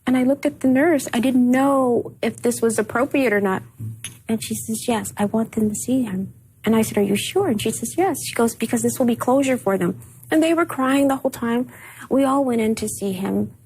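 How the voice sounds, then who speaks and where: A woman being interviewed, telling personal memories in a halting way and repeating words when upset. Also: fairly high pitch, a little mellow, a little hiss or hum, poor audio. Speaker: interview guest. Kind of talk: emotional personal recollection.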